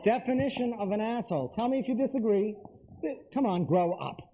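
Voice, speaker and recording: A man's voice: sits high, expressive, a little fast, a little hiss or hum. A man giving a live lecture to an audience, talking emphatically and straight to them with repeated phrases. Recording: tinny lo-fi lecture recording.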